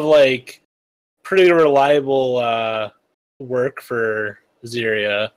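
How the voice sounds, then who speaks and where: Man, tabletop player, slow, hesitant, halting. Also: mid-range voice, fairly even intonation, smooth, poor audio. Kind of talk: casual tabletop play.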